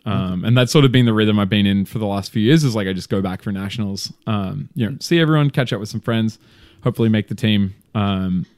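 This Australian skydiver, appearing as a podcast guest, has a fairly low, slightly mellow voice and talks a little fast. His accent is Australian with some American influence, and he chats casually, wandering off topic and mocking himself, on a clean studio track without echo.

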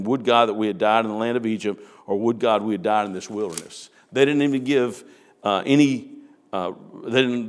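Guy preaching a sermon, reads bible verses, earnest, some slips, big echoey hall. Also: medium pitch. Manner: earnest, reads King James verses aloud with slips and restarts. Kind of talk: sermon with scripture reading.

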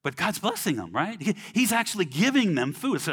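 A man's voice: high-pitched, big pitch swings, a little fast, a bit bright, breathy edge. A man preaching a sermon in a casual, conversational way, often checking in with "right?" and acting out quoted people in little voices.

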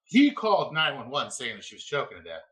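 A man hosting a podcast, telling an EMT story in casual chat, laughing and yelling out the punchlines. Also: mid-range voice, quick pace, low-quality recording. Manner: animated, laughing, yells quoted lines. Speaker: podcast host; former EMT.

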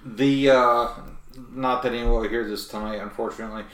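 A man's voice: medium pitch, steady tone, a little fast, a bit bright, echoey room, distant mic. A man co-hosting a casual radio show, chatting about music in a rambling, enthusiastic way with many fillers.

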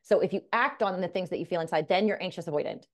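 A woman co-hosting a podcast who explains ideas calmly, sums up the talk and guides the listener toward reflection. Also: lowish voice, fast talker. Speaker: podcast co-host. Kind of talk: casual chat.

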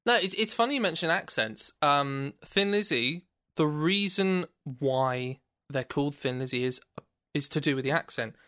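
Smooth-voiced enthusiastic British man chatting. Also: a little high, lively intonation, moderate pace, bright, forceful tone, no room sound, clean studio sound. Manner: rambling, enthusiastic, laughs often. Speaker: podcast co-host. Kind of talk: casual chat.

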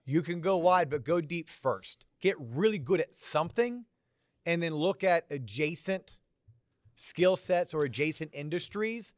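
A man's voice: on the high side, expressive, unhurried, no room sound, studio quality. A male host in a casual panel talk, direct and punchy, in front of a student audience. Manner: direct, gives short punchy advice. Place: university lecture hall before a student audience.

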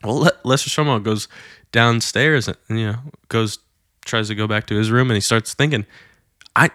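Low-pitched, man, casual storytelling, conversational with fillers, dry room. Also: normal speed, pushed and bright, dry recording. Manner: conversational retelling with many fillers, acting out quoted lines. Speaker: Christian storyteller.

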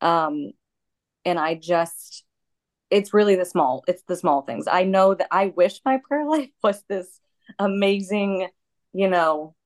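A woman with a lowish voice talks openly as a guest, joining over her phone. She laughs softly at herself now and then. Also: slow pace. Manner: honest, laughs lightly. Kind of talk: casual conversation.

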